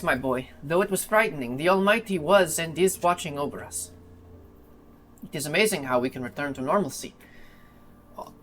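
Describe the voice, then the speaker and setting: A man's voice: on the high side, a bit bright. A man voicing a loving, devout mother as he reads her formal letter to her son aloud. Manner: tender, formal letter-reading.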